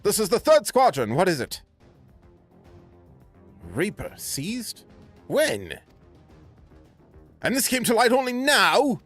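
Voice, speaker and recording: Guy playing a bossy imperial officer barking orders, voice pushed way up high, accent all over the place. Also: huge pitch swings, slow, long pauses, faint music behind, heavily acted. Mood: alarmed. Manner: shifting mix of put-on accents. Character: stern male imperial officer giving commands.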